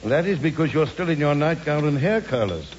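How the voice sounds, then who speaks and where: An actor playing a smug, pompous detective in a comedy radio drama, speaking in a lively, theatrical manner. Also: male voice, fairly high pitch, brisk, muffled recording, heavy background noise, lightly acted.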